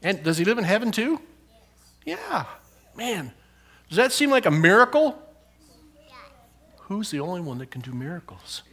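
A pastor leads a children's sermon with a high, bouncy voice that swings widely in pitch. He peppers the kids with questions and encouragement. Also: very animated, normal speed, pauses often, a bit bright, reverberant.

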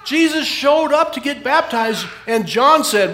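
A man's voice: very high voice, a little slow, hardly any pauses, reverberant. A man who is a pastor giving a children's sermon, asking the kids questions and cheering them on. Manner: animated, questioning, encouraging toward kids.

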